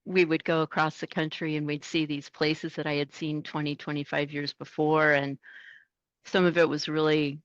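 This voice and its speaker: A woman's voice: low-pitched, moderate pace, no echo, lo-fi sound. Middle-aged woman telling stories in an interview. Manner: animated, acts out quoted voices. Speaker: truck driver guest. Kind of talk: casual interview storytelling.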